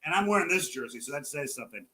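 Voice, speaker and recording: A man's voice: a little high, expressive, very fast, background noise. A man co-hosting a casual chat, dropping wry asides.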